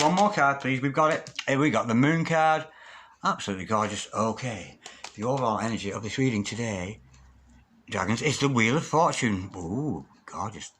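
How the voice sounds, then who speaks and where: Guy reading tarot cards on video, gets all excited, chants the same invocation over and over, mid-pitched voice. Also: a little hiss or hum. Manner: repeats prayer-like invocations. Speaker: tarot reader.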